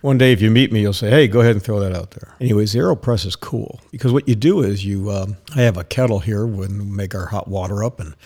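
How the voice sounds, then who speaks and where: A man's voice: on the low side, fast talker, few pauses, a little mellow, husky. A man hosting a solo podcast from an office, talking casually and rambling with many fillers. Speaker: podcast host.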